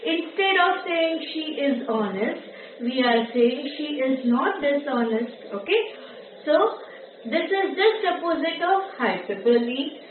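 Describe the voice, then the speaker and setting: A woman's voice: high voice, lively intonation, a little slow. A woman teaching a grammar lesson, patiently repeating points and asking rhetorical questions. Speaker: English teacher. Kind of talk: classroom lesson explanation. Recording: echoey, distant, tinny phone-like audio with faint hiss.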